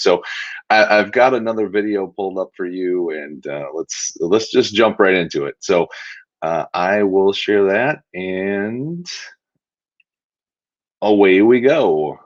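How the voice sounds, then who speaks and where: A man's voice: deep voice, lo-fi sound. A man hosting a casual show, commenting with amusement on a courtroom video and laughing often. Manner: amused, wry, laughs often while mocking. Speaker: attorney and show host.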